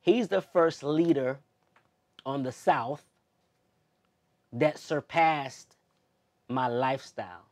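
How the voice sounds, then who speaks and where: A young adult man as an interview guest, speaking heartfelt and expressive, moving between loud emphasis and soft, near-tearful moments. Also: medium pitch, slow pace, pauses often. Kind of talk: emotional personal interview.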